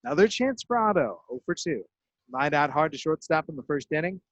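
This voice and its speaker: A man doing baseball play-by-play with crisp, measured delivery and dramatic emphasis on outs. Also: on the high side, expressive, no room sound. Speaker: play-by-play broadcaster. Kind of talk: radio-style baseball play-by-play.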